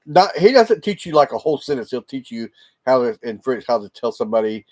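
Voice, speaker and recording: A man's voice: mid-range voice, very animated, a little fast, a little mellow. A man chatting casually on a livestream, rambling and laughing often. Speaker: livestream host. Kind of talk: casual live chat with viewers. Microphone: laptop microphone.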